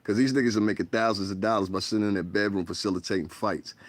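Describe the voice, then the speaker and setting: A man's voice: lowish voice, steady tone, fast. A man from the United States hosting a casual livestream from his bedroom, rambling frankly and profanely into a tablet. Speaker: livestream host.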